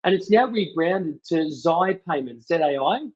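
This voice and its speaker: A man's voice: a little high, expressive, measured pace. A man, a podcast guest, telling his company's story in upbeat, casual chat. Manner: upbeat storytelling, filler-heavy. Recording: dull, lo-fi sound.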